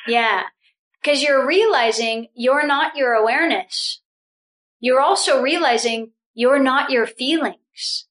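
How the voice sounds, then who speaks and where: A high-pitched woman guiding a spiritual group session. She talks with bubbly, animated energy, breaking into laughter and restarting phrases as she goes. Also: takes it slowly, poor audio.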